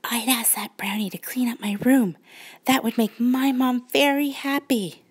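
A woman doing a whispery, quiet little girl. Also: sits high, very animated, measured pace, no echo, pitched above the performer's own voice, exaggerated voice. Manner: breathy, whispery. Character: sleepy, quiet young girl.

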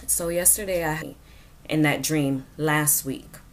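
A woman's voice: low voice, fairly even intonation, slow. A woman earnestly recounting a prophetic dream in emotional, repetitive phrases. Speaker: prophetic testimony speaker.

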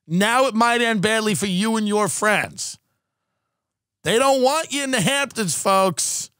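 Sarcastic, high-voiced male podcast host. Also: no echo, studio quality. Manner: sarcastic, profane, animated. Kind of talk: comedic rant.

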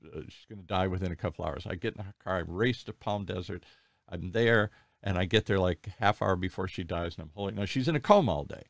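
Older male host, sixties, rambling storyteller; low pitch, dry close recording. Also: fast talker, gravelly, dry recording. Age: 60s. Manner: animated storyteller, rambling and candid. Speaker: podcast host. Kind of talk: conversational interview.

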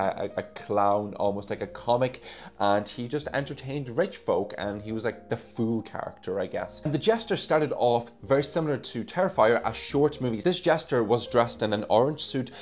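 A man of middle pitch talks through a horror movie review in a relaxed, rambling vlog style, peppering his talk with "like" and casual swearing. He is recorded on a phone microphone, with faint music behind him. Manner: chatty, says "like" often, swears casually. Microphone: phone used as microphone.

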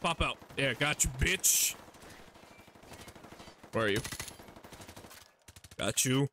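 A man's voice: medium pitch, animated, slow, pushed and bright, slight background noise. A man streaming a shooter game, giving joking, profane running commentary as he plays. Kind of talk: casual gaming commentary.

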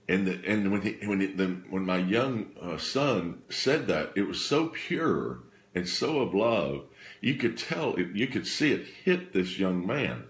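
A man telling a personal faith testimony in an earnest, halting way, often repeating and restarting his phrases. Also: deep voice, sing-song. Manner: earnest, emotional retelling. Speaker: speaker sharing a faith testimony. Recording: roomy echo.

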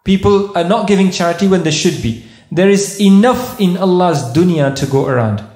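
A preacher with a high-pitched voice addresses a mosque congregation. He patiently unpacks Arabic terms and repeats his points for weight. His voice rings through a reverberant hall. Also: moderate pace, darkish tone. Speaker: mosque speaker. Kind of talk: sermon.

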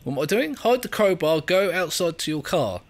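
A man's voice: on the high side, sing-song, moderate pace. An English man giving chatty, self-mocking let's play commentary as he plays a video game, often laughing and reading on-screen text aloud. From England. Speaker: gaming video creator.

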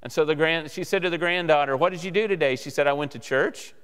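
A male guest preacher delivering a sermon, telling stories and acting out the dialogue with lively shifts. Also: fairly high pitch, fast, smooth. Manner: animated storyteller acting out dialogue. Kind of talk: sermon storytelling. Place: church sanctuary. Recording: church hall reverb.

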